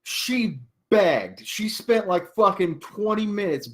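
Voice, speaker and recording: A man's voice: sits high, lively intonation, slow pace. A man telling a story casually on a group call, swearing a lot. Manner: profane, storytelling.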